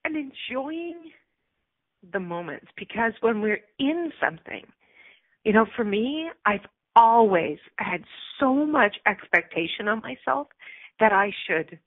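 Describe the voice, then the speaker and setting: A middle-aged woman, a coach and radio talk show host, opens up about a personal story in a chatty, emotional way, often teary and heavy on fillers. Her voice is a little high and sing-song, unhurried, with no room sound, carried over a tinny phone line.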